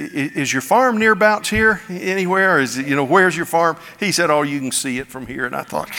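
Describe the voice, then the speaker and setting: A male pastor preaching a sermon, telling stories with folksy humor and animated delivery. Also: on the high side. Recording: long hall reverb.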